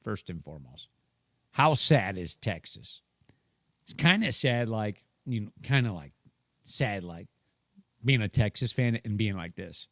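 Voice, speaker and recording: Theatrical, slow-talking sports host. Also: male voice, on the high side, sing-song, no echo, clean studio sound. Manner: theatrical, rambling, teasing, drawn-out asides. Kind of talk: live sports talk show.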